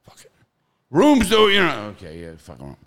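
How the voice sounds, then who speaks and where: A middle-aged man telling profane, animated stories in casual podcast chat, with loud bursts. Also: medium pitch, normal speed.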